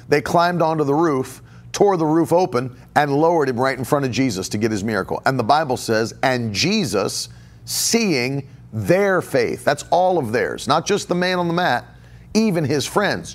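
A middle-aged man preaching a podcast sermon, emphatic, repeating phrases for stress and answering viewer questions. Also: on the high side. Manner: takes viewer questions live. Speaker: pastor.

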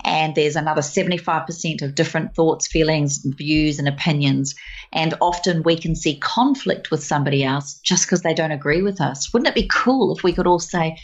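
Animated woman telling stories, fairly low. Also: normal speed, dull audio. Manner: animated, warm anecdotes with laughs and acted quotes. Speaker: guest speaker. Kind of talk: conversational storytelling.

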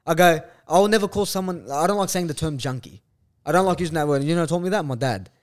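A man's voice: a little high, fast talker. A man, a podcast guest telling a story bluntly, with lots of swearing and slang. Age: 20s. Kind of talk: casual chat.

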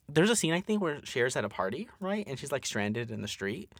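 A man co-hosting a podcast in casual chat, animated and profane, acting out quotes. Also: medium pitch, normal speed, slightly rough, no echo, clean studio sound. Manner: animated, swears a lot, acts out quotes. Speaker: podcast co-host.

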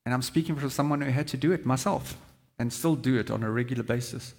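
A man preaching as pastor, gently inviting the congregation to respond. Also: mid-range voice, fast talker. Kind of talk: sermon. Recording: echoey hall with long reverb.

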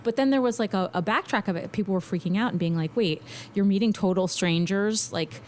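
A woman's voice: mid-range voice, fairly quick. A woman chatting casually on a podcast, reflective and often hedging what she says. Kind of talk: casual chat.

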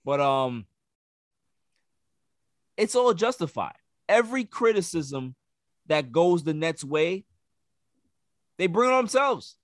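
A man's voice: a little high, big pitch swings, takes it slowly, long pauses, no echo, studio quality. Emphatic man hosting a sports podcast. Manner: emphatic ranting, repeats words while building a point. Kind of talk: casual sports talk.

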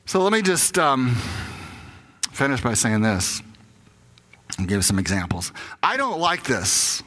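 A man's voice: medium pitch, big pitch swings, a little slow, a bit bright. An older man giving a conversational sermon as a pastor, telling candid personal stories and acting out his own doubts aloud.

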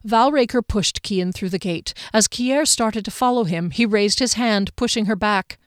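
A woman narrating a fantasy novel in a steady, expressive reading. Her voice sits at a middle pitch. The recording is dry and close, with no room sound. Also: a little slow, hardly any pauses, clean tone, dry recording. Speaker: audiobook narrator. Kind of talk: scripted narration.

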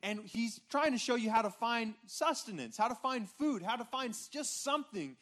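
A man's voice: extremely high pitch, lively intonation, moderate pace, fairly bright tone. A man preaching a casual, conversational sermon from a church stage, often checking in with his congregation and restarting his phrases. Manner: informal, repeats words and restarts, frequent "right?" checks with congregation. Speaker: pastor.

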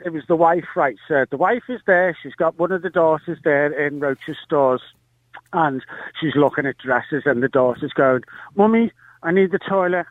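A man's voice: on the high side, fairly even intonation, normal speed, no echo. A man calling a radio show, telling a family story animatedly and acting out the voices. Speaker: caller. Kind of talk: phone-in storytelling. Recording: tinny phone line.

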